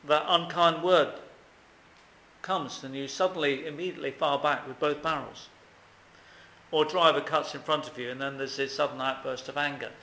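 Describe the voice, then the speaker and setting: A man's voice: on the high side, steady tone, normal speed, bright, forceful tone, reverberant, a little hiss or hum, rough recording. A man preaching a sermon, earnest and emphatic, often asking questions of his listeners.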